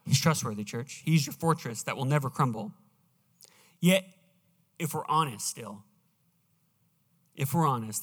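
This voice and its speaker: A male pastor preaching a sermon, emphatic and slowing down as he reads scripture aloud in a church auditorium. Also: mid-range voice, a bit bright. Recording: reverberant hall, live church sound.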